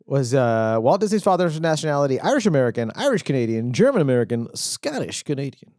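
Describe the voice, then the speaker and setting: A man's voice: mid-range voice, very animated, fast talker, darkish tone, no echo. A man in his thirties co-hosting a comedy podcast, joking around while reading out quiz questions on a close mic. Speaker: podcast co-host, quizmaster. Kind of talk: casual comedy chat.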